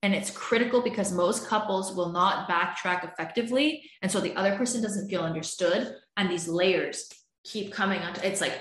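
A woman's voice: mid-range voice, brisk, a bit bright, echoey room. A woman, a relationship coach, explaining communication in an earnest, explanatory way and acting out what partners say to each other. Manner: earnest, explanatory, acts out couples' arguments. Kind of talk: advice podcast monologue.

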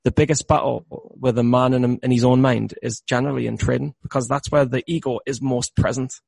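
A man's voice: mid-range voice, fairly even intonation, fairly quick, vocal fry, darkish tone. A man talking candidly about his trading habits, rambling and repeating words, laughing at himself now and then. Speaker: trader.

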